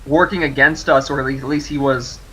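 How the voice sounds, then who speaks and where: A man's voice: medium pitch, steady tone, a little fast, bright, forceful tone, slight background noise, rough recording. A man in casual chat as a player in a tabletop game, rambling and repeating himself.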